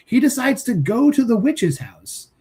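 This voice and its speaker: A man's voice: very high-pitched, sing-song, a little slow, warm tone. A man co-hosting a casual horror movie review, ranting with exasperated profanity. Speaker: podcast co-host.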